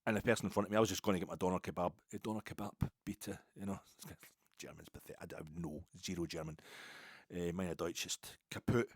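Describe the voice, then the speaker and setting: Brief: middle-aged Glasgow man, low voice, dry close sound, rambling jokey football chat. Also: fairly even intonation, fast talker, husky, no echo. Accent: Glaswegian Scottish. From Scotland. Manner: rambling, jokey, many asides and restarts. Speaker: football podcast host. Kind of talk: casual storytelling chat.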